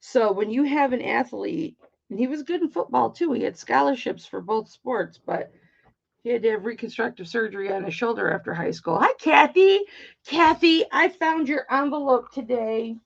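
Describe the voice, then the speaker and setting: A woman's voice: fairly high pitch, moderate pace, gravelly. A middle-aged woman hosting a live jewelry auction, chatting casually, swearing freely and greeting viewers by name. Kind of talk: casual chat while selling. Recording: dull lo-fi stream audio.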